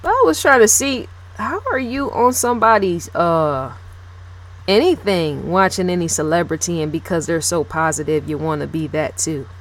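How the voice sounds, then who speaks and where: A woman with a lowish voice gives blunt commentary straight to camera. She is emphatic and repeats herself, and she swears freely. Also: normal speed. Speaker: video blogger. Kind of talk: casual opinionated commentary to camera.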